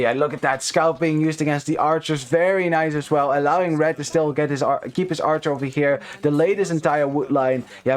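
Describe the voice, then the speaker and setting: A man casting a strategy game live, chatty with many fillers, greeting chat viewers between plays. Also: fairly high pitch. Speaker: esports caster.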